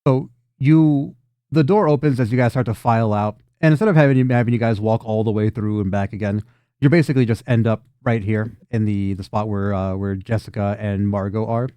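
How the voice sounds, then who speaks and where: A man narrating a tabletop game as game master, in a relaxed, descriptive way. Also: on the low side, a little fast, clean tone, no echo.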